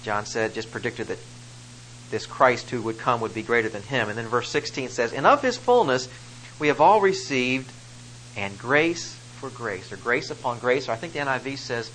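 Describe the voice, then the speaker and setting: A man's voice: medium pitch, expressive, normal speed, fairly bright tone, slight background noise, low-quality recording. A man preaching a sermon, reading scripture and explaining it with rising emphasis on key phrases. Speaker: pastor.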